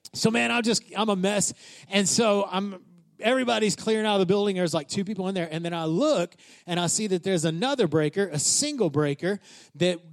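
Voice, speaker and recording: A man preaching in a church, telling a story in a chatty, animated way, with many filler words. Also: high-pitched. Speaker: pastor. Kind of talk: sermon told as a casual story.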